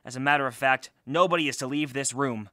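A man's voice: medium pitch, fast talker, bright, forceful tone, dry recording, clean studio sound, close to an everyday voice. A man playing an impatient detective in a college radio murder-mystery spoof. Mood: brusque. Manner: curt, impatient. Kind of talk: college radio comedy sketch.

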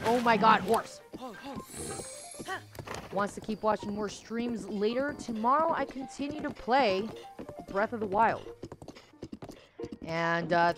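A young woman live-streaming a video game, chatting with viewers and scolding her horse, laughing often. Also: on the high side. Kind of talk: casual live-stream chat.

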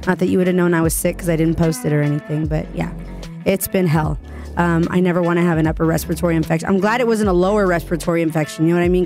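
Hoarse, raspy woman podcaster, lowish voice. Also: darkish tone. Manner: chatty and playful, jokes about herself. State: sick, hoarse. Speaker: radio DJ and podcast host. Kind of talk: casual solo podcast chat.

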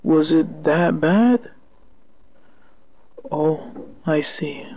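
Girl doing a low soft-spoken caring guy, whispered role-play, slow and hushed, dull lo-fi dry sound. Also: lively intonation, slight background noise. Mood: soothing. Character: gentle caring young man comforting listener.

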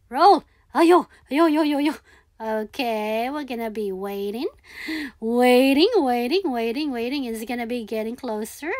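Her voice is a little high, captured with clean studio sound and no echo. This woman, a gaming video creator, gives live commentary on her own play, talking herself through each move, repeating words, and pleading with the game.

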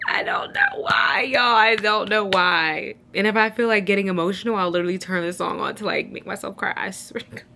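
A young woman talks straight to her viewers in a loose, chatty vlog style. Her voice is bright and forward, and she laughs easily. She drops in casual swearing. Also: mid-range voice. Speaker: vlogger.

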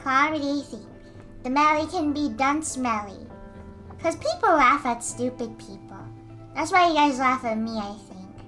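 High, bright, giggly young woman streamer. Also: measured pace, faint music behind. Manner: giggly, bursts into excited squeals; responds to chat messages. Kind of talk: casual livestream chat while drawing.

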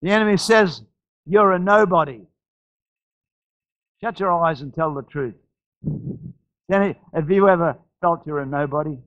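A pastor with an Australian accent gives a sermon, pressing his listeners with repeated phrases and often stumbling into restarts. His voice is on the high side and fairly bright, at a normal speed. The recording is dry, with the highs cut off.

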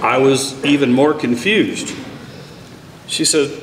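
A middle-aged father tells a family anecdote at a school ceremony, bouncing into higher voices for the quoted lines. He sounds distant from the mic, with the long reverb of a large hall and a faint hum of room noise. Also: animated, moderate pace. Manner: storytelling, acts out dialogue with raised pitch. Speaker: parent introducing his child. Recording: echoey hall, mic from far off.

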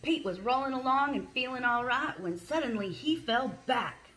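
A preschool teacher reading a picture book aloud, pausing to quiz the children and praise them. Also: female voice, high-pitched, animated, fairly bright tone, soft background music. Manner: slow, questioning, encouraging.

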